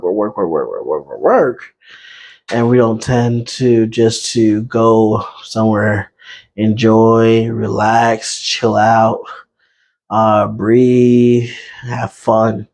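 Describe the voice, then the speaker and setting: A young man hosting an unscripted podcast, talking in a laid-back, chatty way with lots of pauses and fillers. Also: fairly low pitch, completely flat delivery, a little mellow. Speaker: podcast host. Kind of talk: unscripted casual talk.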